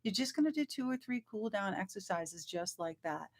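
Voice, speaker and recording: Teaching a live online singing class, a woman vocal coach speaks at normal speed in an expressive mid-range voice. She's chatty and encouraging, pausing now and then to sing short demonstration sounds.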